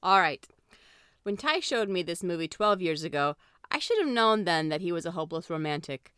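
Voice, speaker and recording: A female podcast co-host in casual movie chat, playful and quick to laugh. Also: lowish voice, big pitch swings, a bit bright, clear, resonant tone, no room sound, studio quality.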